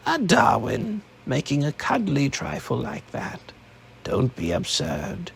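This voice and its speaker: A man's voice: on the high side, wildly swooping pitch, slow, vocal fry, breathy edge, exaggerated voice. A man doing a crackly, scornful old woman. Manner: scornful, dismissive. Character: old woman committee leader, sharp, suspicious.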